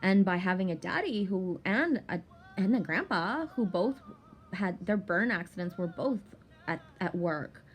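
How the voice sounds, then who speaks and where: A woman's voice: mid-range voice, measured pace. Swearing, rambling woman vlogger. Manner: profane, rambling, animated storytelling. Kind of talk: casual storytelling vlog.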